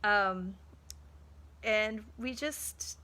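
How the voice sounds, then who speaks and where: A small business owner and mother in her thirties tells a story during a casual live talk to viewers. Her medium-pitched voice has a sharp tone and drawn-out words, and she chats along, acting out quoted dialogue.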